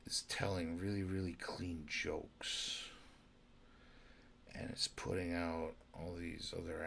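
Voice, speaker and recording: A drunk man rambling in a casual monologue, swinging from loud outbursts to mumbled whispers. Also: sits low, creaky, slight background noise. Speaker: amateur actor talking about comedy.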